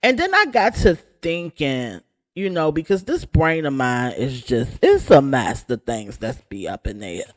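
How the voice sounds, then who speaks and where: A woman rants with sarcastic sass as the host of a gossip channel. She takes her time over her words, and her pitch leaps up and down with every jab. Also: measured pace. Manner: sassy, sarcastic, animated. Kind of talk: casual gossip rant.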